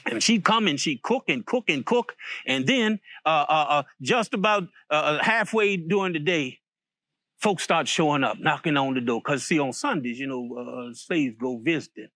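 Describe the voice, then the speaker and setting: Bright-voiced male folk storyteller. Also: on the high side, expressive, moderate pace, dry recording, clean studio sound. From Virginia, USA. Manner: folksy, repeats words, many restarts.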